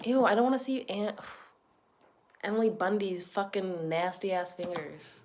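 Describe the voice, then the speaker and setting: A woman's voice: medium pitch, steady tone, unhurried, a little mellow, a little hiss or hum. A young woman hosting a reaction channel, giving blunt, sarcastic and profane casual commentary. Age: young adult.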